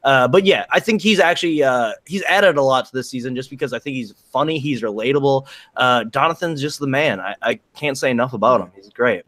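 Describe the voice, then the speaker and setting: A man's voice: mid-range voice, brisk, few pauses, fairly bright tone, no room sound. A man chatting casually, rambling with enthusiasm and a lot of fillers. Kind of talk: casual chat.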